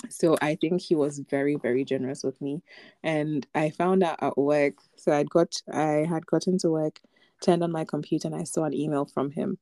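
Her voice sits low and mellow, with fairly even intonation and a moderate pace, recorded dry. She's a young woman co-hosting a podcast, relaxed in conversation as she shares a personal story peppered with fillers and soft laughs.

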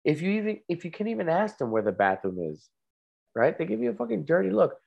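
A man's voice: high-pitched, sing-song, quick pace, vocal fry, muffled recording. A man co-hosting a casual podcast, telling stories in a laid-back way and swearing now and then. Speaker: podcast co-host. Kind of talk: casual chat.

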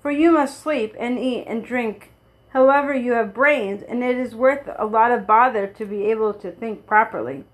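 A thoughtful, good-natured scarecrow made of straw, voiced by a woman reading a storybook. He muses aloud in a plain, fairly high voice. His tone is calm and friendly. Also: moderate pace, lightly acted.

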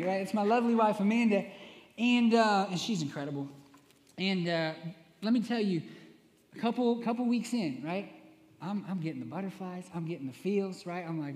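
A man's voice: high-pitched, a little mellow. A young man preaching a sermon, telling playful self-mocking stories and often asking "right?". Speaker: worship minister preaching. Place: church sanctuary. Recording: echoey long hall reverb.

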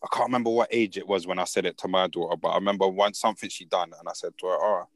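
A man's voice: sits low, fairly even intonation, racing, dry recording. A young father chatting casually on a podcast, telling stories steadily and laughing easily. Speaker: podcast co-host. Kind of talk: casual chat.

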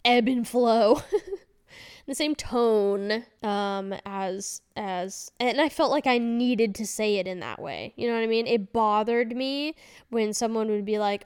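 A woman's voice: on the high side, a little slow, clear, resonant tone. A woman in her thirties hosting a casual solo podcast, rambling candidly with fillers and self-corrections. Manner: chatty and candid. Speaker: podcast host.

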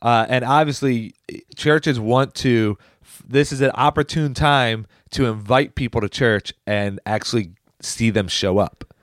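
A man co-hosting a church podcast, chatting casually and telling stories in an animated, joking way. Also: mid-range voice, measured pace, dry recording, clean studio sound. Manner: animated, jokey storyteller. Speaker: podcast co-host, church worker. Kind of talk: casual chat.

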